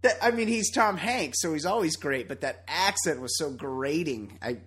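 A man co-hosting a casual podcast, with a husky, slightly breathy voice. He talks loud and opinionated, swears freely and laughs often between points. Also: fairly high pitch, lively intonation, moderate pace. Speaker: podcast co-host.

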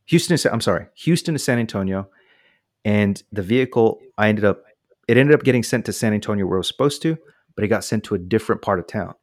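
A man's voice: lowish voice, quick pace, dry recording, studio quality. A man from the United States casually telling a long personal story, acting out quotes from the people involved. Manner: animated anecdote with voiced quotes.

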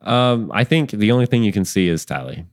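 A man's voice: lowish voice, sing-song, brisk, no echo, studio quality. A man running a tabletop game as dungeon master, in a rambling way with many ums and chuckles at himself.

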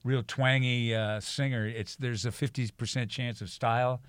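A man's voice: medium pitch, fairly even intonation, moderate pace, clear, resonant tone, no echo. A man telling stories about his music career in a casual chat, often mimicking the people he quotes. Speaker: guest musician.

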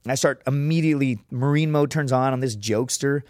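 Man, podcast guest, casual swearing storyteller, mid pitch, dry close sound. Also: a little fast, a little mellow, no echo. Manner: profane, loose storytelling with lots of fillers.

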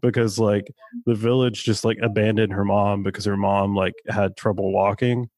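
A man's voice: lowish voice, flat delivery, normal speed, a little mellow, no echo. A man co-hosting a podcast, easygoing, chiming in with short agreements and comments. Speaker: podcast co-host. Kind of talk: casual chat about a manga.

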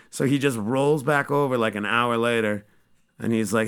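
A man hosting a podcast, giving a casual, profane and joking recap of an episode as an animated storyteller. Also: medium pitch, moderate pace, smooth. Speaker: podcast host.

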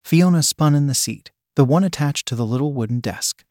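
A man's voice: mid-range voice, expressive, normal speed, hardly any pauses, darkish tone, dry recording. Man narrating a story in a dry close voice.

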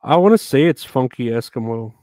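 A man's voice: mid-range voice, lively intonation, brisk, mellow, dry recording, studio quality. A man chatting casually on a live stream, rambling, swearing often and reading out names from the chat.

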